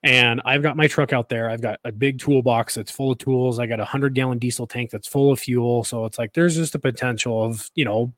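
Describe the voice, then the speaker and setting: A man's voice: mid-range voice, steady tone, brisk, hardly any pauses, a bit bright, dry recording. A man co-hosting a podcast, telling rambling stories in casual chat, often restarting and laughing at himself. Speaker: podcast co-host.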